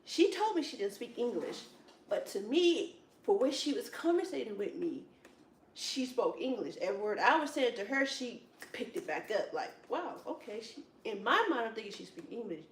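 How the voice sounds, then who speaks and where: A woman in casual chat at a Bible study, telling rambling, animated stories with lots of "it's like, wow.". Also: fairly high pitch, normal speed, a little hiss or hum. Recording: echoey room, distant from mic.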